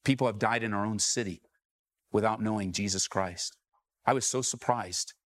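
With a lowish, slightly bright voice at a normal speed, a male pastor from Southern California delivers a sermon in church. He calls out questions to the congregation, pressing his points with rising calls.

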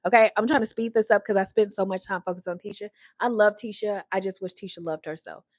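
Fast and fairly even in intonation, this woman's mid-range voice has a darkish, slightly rough tone as she casually recaps a reality show. Opinionated and chatty, she leans on "like," restarts often, and impersonates the people involved in raised voices.

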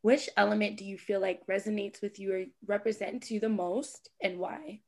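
A Canadian woman hosting a casual podcast interview, lively and slangy, laughing often. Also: mid-range voice, normal speed, creaky. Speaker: podcast host.

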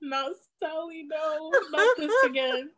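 A woman's voice: high-pitched, lively intonation, slow, rough recording. A woman in casual chat with friends, teasing and playing a rhyming word game.

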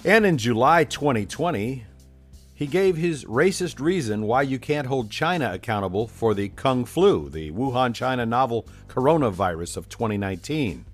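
A man's voice: medium pitch, animated, normal speed, soft background music. A man giving sarcastic political commentary in a scornful, mocking tone.

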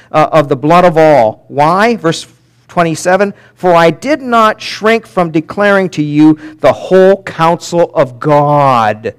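A man preaching a sermon as pastor, swinging from loud emphatic peaks to quiet drops and slowing down to read scripture aloud. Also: high-pitched. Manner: animated preaching, rising and dropping sharply for emphasis.

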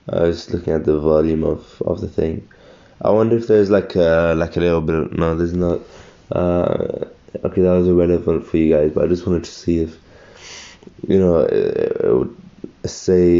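This young man's low, warm voice has vocal fry, and the audio is dull. Fresh out of bed and tired, he rambles through a casual solo podcast, thinking aloud and correcting himself as he goes.

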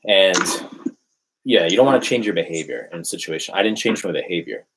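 A man's voice: low voice, animated, fairly quick, noisy background. A young man in casual chat, telling a story animatedly, swearing and acting out quotes. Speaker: dating storyteller.

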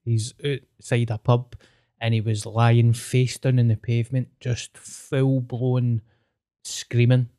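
A man's voice: medium pitch, level tone, slow pace, warm tone, clean tone. A young Scottish man in casual conversation, telling stories in a chatty way and swearing now and then. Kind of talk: casual chat.

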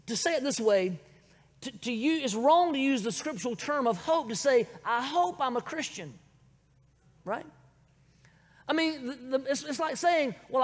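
A man with a Southern American accent preaching a sermon, calling out to the congregation. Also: sits high. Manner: calls out "Amen?" to the congregation, chuckles between points. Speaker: pastor. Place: church hall. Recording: long hall reverb.

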